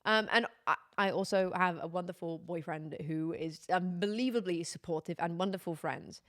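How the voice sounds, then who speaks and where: A woman's voice: fairly low pitch, normal speed, a bit bright. A young woman, chatting candidly with her stream viewers, wry and laughing through her complaints. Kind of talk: casual chat to stream viewers.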